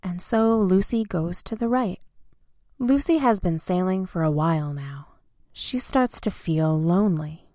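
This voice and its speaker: Slow, expressive woman reading a storybook. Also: lowish voice, dry recording, clean studio sound. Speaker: narrator. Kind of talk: bedtime storybook narration.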